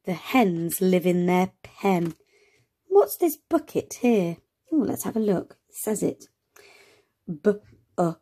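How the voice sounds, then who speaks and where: Slow, encouraging woman reading to children. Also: fairly low pitch, big pitch swings, mellow, husky. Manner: slow, encouraging, sounds out words letter by letter. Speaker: early reading teacher. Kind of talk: reading a phonics picture book aloud to children.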